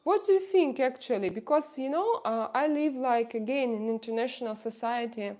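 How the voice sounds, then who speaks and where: Russian accent lady on a home livestream, bit high voice, lots of uh and um, talks to chat. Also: normal speed, a little mellow. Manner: hesitant, many fillers and restarts, greets viewers by name. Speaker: livestream host.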